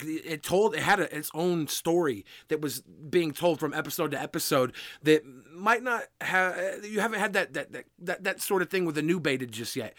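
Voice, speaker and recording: A man's voice: a little high, fairly bright tone, no echo, studio quality. A man who is a guest on a podcast, rambling and joking in casual talk with stumbling restarts.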